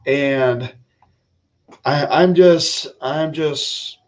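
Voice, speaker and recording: A man's voice: on the high side, drawn-out words. A man hosting a casual political livestream, talking bluntly and opinionated, rambling with frequent restarts. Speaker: livestream host.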